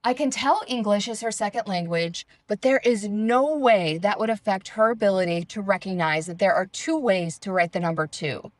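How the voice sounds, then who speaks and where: Woman, memoir reading, calm and reflective, mid-pitched voice, dry close sound. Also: dry recording. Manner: calm, reflective, measured storytelling. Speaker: author reading her travel memoir. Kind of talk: first-person memoir reading.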